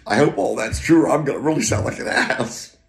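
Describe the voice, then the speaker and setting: A man's voice: medium pitch, brisk, gravelly. A middle-aged man rambling in a casual monologue, profane and emotional, with muttered asides and wry laughs. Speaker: poet and vlogger.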